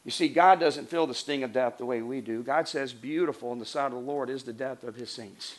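A man preaching a sermon as pastor, earnest, rising to emphatic lines and dropping to soft hushed passages. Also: medium pitch, fairly quick.

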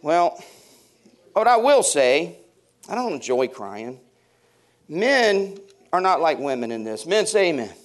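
A man's voice: on the high side, sing-song, takes it slowly, long pauses. A man in his fifties, a pastor preaching a sermon to his congregation, telling funny stories and bantering with the people in the pews. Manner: humorous, storytelling, banters with the congregation. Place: church before a congregation.

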